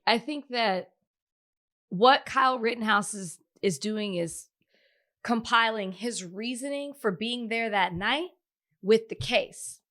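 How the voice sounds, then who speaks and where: A female podcast co-host giving her views in casual conversation, earnest and emphatic. Her voice is bright, with a crisp edge, and sits somewhat high. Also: slow.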